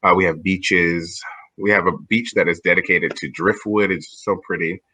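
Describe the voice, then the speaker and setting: A man's voice: deep voice, steady tone, moderate pace, pushed and bright, slightly rough, no room sound. A man from Georgia in the US with a Southern accent, an online English tutor chatting enthusiastically on a video call and laughing often. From United States, Georgia. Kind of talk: casual video-call chat. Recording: dull lo-fi video call audio.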